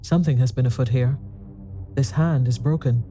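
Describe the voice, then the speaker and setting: A man's voice: mid-range voice, normal speed, dark tone, faint music behind, lightly acted, poor audio. A man doing a scoffing young Irish doctor. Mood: blunt. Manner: hearty and scoffing. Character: brash raw-boned young Irish doctor, blunt and mocking.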